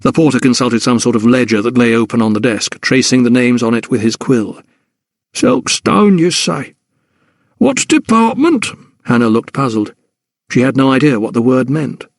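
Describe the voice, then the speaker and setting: Male audiobook narrator, mid-pitched, measured delivery, dry booth sound. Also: no room sound. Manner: measured, even storytelling. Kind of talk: scripted narration.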